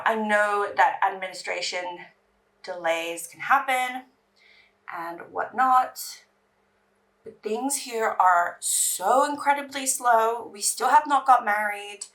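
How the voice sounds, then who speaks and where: A woman's voice: medium pitch, fairly bright tone, far from the mic. A woman from England, chatting in a rambling way while doing her makeup on camera. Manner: chatty, rambling, restarts sentences. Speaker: beauty vlogger.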